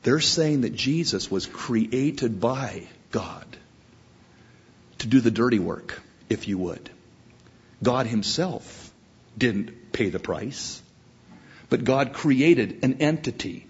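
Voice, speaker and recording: A man's voice: medium pitch, lively intonation, slow pace, breathy edge. A man preaching a sermon, telling a story with rising passion. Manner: storytelling, impassioned. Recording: dull lo-fi recording.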